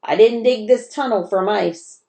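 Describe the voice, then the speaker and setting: A woman's voice: mid-range voice, measured pace, warm tone, voice pushed up, natural voice. A woman voicing a grouchy, disagreeable male gopher who talks curtly in a storybook reading. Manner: curt and grouchy. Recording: roomy echo.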